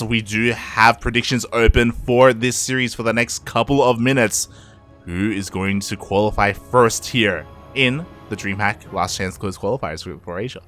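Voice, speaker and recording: A man co-commentating a live strategy game match, with a mid-pitched voice and faint music playing underneath. He is animated, laughs often and breaks into excited shouts. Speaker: esports caster.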